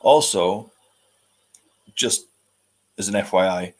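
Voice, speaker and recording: A man's voice: low voice, slow pace. A man hosting a live stream, chatting and answering viewer comments with dry jokes. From United Kingdom. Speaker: host.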